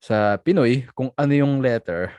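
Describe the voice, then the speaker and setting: A man's voice: mid-range voice, normal speed, darkish tone, clean tone, no echo. A man hosting a casual podcast chat, mixing Tagalog and English and laughing often. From Philippines. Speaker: podcast host.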